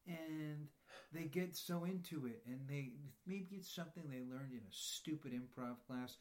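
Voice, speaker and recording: A man's voice: fairly high pitch, normal speed, darkish tone. Young man, podcast guest, loose rambling anecdotes, mimics others. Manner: rambling storytelling, often mimics people. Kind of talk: casual chat.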